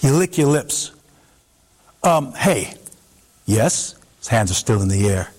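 A man narrating a second-person story in a very lively voice that swings up and down. He tells it expressively and dramatically, slowing down and pausing for effect. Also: medium pitch.

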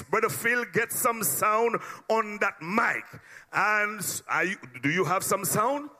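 Man, church speaker, exhorting the crowd, very high pitch, piercing bright tone. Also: long reverb tail. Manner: exhorting, call-and-response. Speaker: church speaker introducing topics. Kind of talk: rousing church address.

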